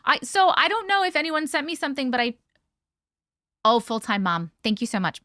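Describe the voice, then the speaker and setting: Chatty woman streamer, lively pitch. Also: moderate pace, long pauses, no echo, studio quality. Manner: chatty, greets viewers by name. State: short on sleep. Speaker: livestream host. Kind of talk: casual live-stream chat.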